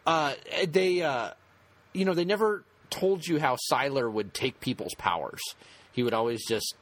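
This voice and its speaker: A man co-hosting a casual podcast chat, talking in halting bursts with many restarts and fillers. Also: mid-range voice, fairly bright tone, dry recording.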